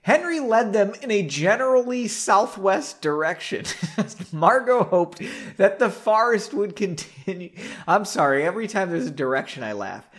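A man's voice: high-pitched, animated, normal speed. A man hosting a podcast, reading a story aloud and breaking in with sarcastic, mocking asides. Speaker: podcast host.

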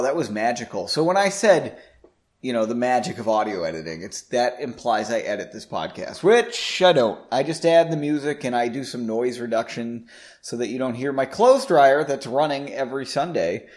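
A man hosting a podcast in a home basement studio, reading his own story aloud and breaking off for joking, self-deprecating asides. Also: mid-range voice.

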